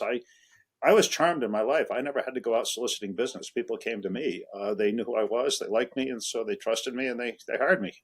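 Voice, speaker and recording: A man's voice: mid-range voice, low-quality recording. A man in his seventies from Rhode Island, a guest answering interview questions in a rambling, hesitant way with many fillers and restarts. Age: 70s. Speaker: guest, investment adviser.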